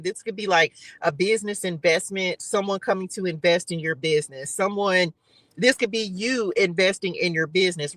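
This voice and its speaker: A man giving a live tarot reading to his chat, excitable and chatty, with preacherly faith-filled encouragement. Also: sits high, dry recording, low-quality recording. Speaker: tarot reader.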